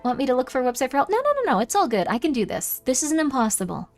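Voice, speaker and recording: A young woman streaming a game, chatting with her chat and thinking out loud as she plays. Her voice sits a little high, and faint music plays behind her. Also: very animated, rapid-fire. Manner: chatty, reacting aloud to chat and muttering to herself. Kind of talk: casual livestream chat while gaming.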